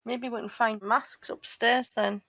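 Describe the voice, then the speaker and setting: A woman's voice: fairly high pitch, fairly even intonation, a little slow, fairly bright tone, no room sound. A woman player in a tabletop game, talking casually and politely. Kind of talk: casual chat.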